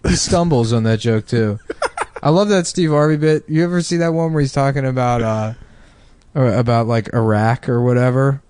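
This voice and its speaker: A man hosting a casual comedy podcast, cursing freely and jumping into high mocking impressions mid-story. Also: moderate pace, a little mellow, smooth, no room sound. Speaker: podcast host.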